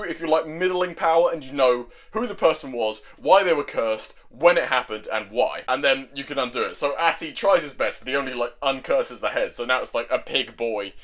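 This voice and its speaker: A man's voice: mid-range voice, a bit bright. A man casually recapping a story in an enthusiastic, rambling way, with lots of filler words. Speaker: manga recap video host.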